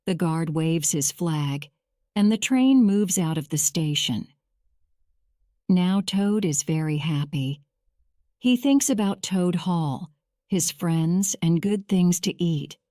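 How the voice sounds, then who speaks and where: Woman reading an easy story for learners, super slow, warm and mellow. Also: fairly low pitch, expressive, no echo, studio quality. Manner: clear, simple, deliberate reading. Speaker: narrator. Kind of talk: slow scripted story narration for English learners.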